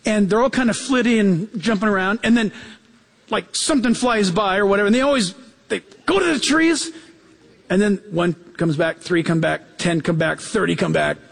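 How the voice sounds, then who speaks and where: High-voiced, animated male preacher. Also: moderate pace, vocal fry, long reverb tail. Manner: animated storytelling, acts out quotes with jumps in pitch; emphatic, repeats key phrases. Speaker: pastor. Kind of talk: sermon.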